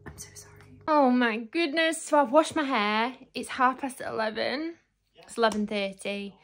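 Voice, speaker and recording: A woman's voice: a little high, a little slow. A young woman chatting casually and self-mockingly to her phone camera as a vlogger. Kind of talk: casual vlog commentary. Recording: noisy street and crowd background.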